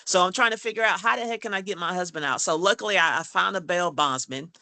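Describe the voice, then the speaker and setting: A woman's voice: on the low side, fast, pushed and bright, dry recording. A woman from Georgia, earnestly recounting a personal ordeal in conversation and often checking in with the listener. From Georgia, USA. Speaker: guest telling her story.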